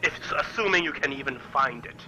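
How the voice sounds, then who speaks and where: A man voicing a lustful, shifty male prisoner in a tabletop game, giving up what he knows slowly and hesitantly. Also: medium pitch, bright, forceful tone, a little hiss or hum, low-quality recording. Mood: confiding.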